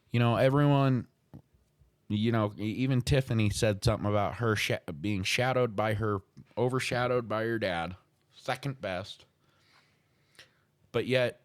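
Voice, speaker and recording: A man's voice: medium pitch, no room sound. Fired-up, foul-mouthed man ranting. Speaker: podcast host. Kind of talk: heated wrestling commentary chat.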